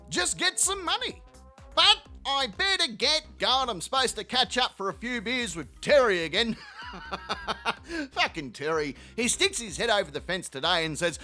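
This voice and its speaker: Male channel host, profane rambling comic outro, very lively pitch, tense bright tone. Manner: profane, rambling, mock-storytelling. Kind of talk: comedic video outro rant.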